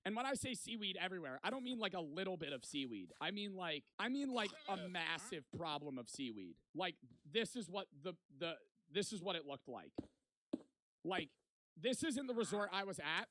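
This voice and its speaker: A man's voice: sits high, sing-song, normal speed, sharp tone. A man in his twenties telling a rambling, profane story in casual vlog style. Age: 20s. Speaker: vlogger.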